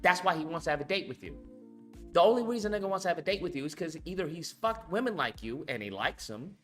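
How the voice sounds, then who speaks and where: A man's voice: fairly high pitch, animated, fast talker, fairly bright tone, soft background music. A man hosting a reaction commentary, talking bluntly and mockingly with lots of profanity. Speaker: commentary host reacting to a video.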